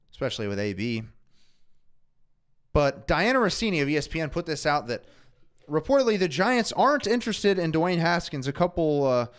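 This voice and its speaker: A man co-hosting a casual fan chat show, talking through football news in a steady conversational way. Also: fairly high pitch. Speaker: co-host.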